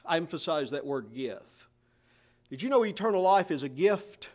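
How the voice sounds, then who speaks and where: A middle-aged male pastor preaches a sermon at moderate pace in a slightly higher-than-usual voice, animated and strongly emphatic. Between his own explanations, he reads scripture aloud in old-fashioned wording.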